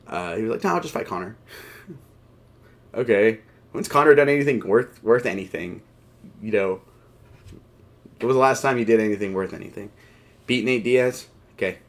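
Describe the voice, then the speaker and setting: Rambling, low-voiced male fight-show host. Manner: rambling, filler-heavy, quick asides; wry, joking, laughs at himself. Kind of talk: casual commentary.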